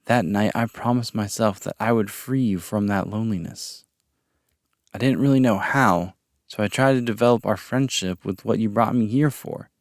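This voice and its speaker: A man's voice: lowish voice, moderate pace, no room sound, clean studio sound, natural voice. A man voicing an earnest young male captive who speaks carefully and sincerely as he tries to befriend his captor.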